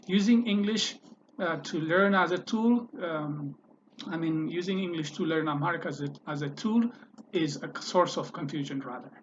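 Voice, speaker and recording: A man's voice: a little high, muffled recording, slight background noise. A man teaching a language lesson over a screen recording, patiently repeating each pronunciation and thinking aloud as he edits his slides.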